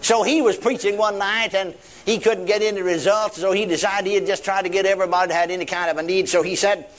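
A man's voice: high-pitched, fairly even intonation, quick pace. Older man preaching folksy. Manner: folksy storytelling, acts out voices of people in the story. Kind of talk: sermon storytelling.

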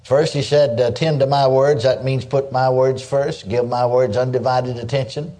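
An older man preaching a sermon in a folksy, animated way, dropping in frequent exclamations of praise. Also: mid-range voice, moderate pace.

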